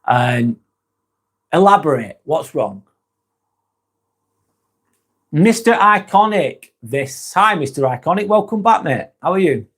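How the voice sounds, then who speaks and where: A man's voice: on the high side, sing-song, unhurried, fairly bright tone, breathy edge. A man hosting a casual live-stream chat, reading viewer comments aloud and answering them in a blunt, frank way with constant swearing.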